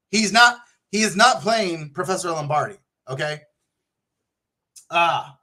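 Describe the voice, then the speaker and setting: A man hosting a casual livestream, talking in an excitable, joking and profane way. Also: a little high, unhurried, pauses often. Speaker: livestream host.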